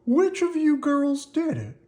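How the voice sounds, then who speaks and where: A reader doing a slow, fussing old neighbor man. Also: sits high, wildly swooping pitch, a little mellow, voice pushed up, full character voice. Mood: evasive. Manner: slow, drawn-out.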